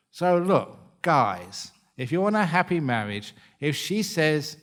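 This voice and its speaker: A man's voice: on the high side, very animated, slow, fairly bright tone. A man who is a monk giving a humorous dharma talk, joking and often laughing at his own stories.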